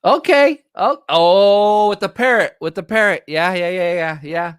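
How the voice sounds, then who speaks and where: A middle-aged man hosting a casual livestream chat, excitable and rambling as he reminisces. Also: high voice, a little slow, clean tone, dry recording, studio quality. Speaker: livestream host. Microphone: streaming setup, close mic.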